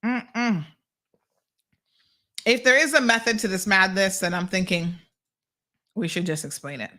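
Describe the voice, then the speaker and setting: A woman's voice: medium pitch, measured pace, bright, forceful tone. Caymanian woman, talk show host, casual chatty delivery, exasperated storyteller. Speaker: talk show host reading listener comments. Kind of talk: casual call-in show chat.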